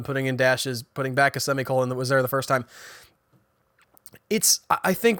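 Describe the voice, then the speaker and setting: Man, podcast host, casual episode recap, chatty, restarts sentences, slightly high voice, dry close sound. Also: a bit bright, dry recording. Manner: chatty, restarts sentences, paraphrases characters' dialogue.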